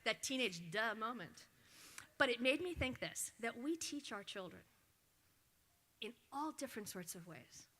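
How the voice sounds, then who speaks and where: A middle-aged woman delivers an award acceptance speech. Her voice is bright and forward. She tells a story and livens up the quoted lines. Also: fairly high pitch, unhurried, pauses often. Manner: storytelling, acts out her son's lines with animated voice.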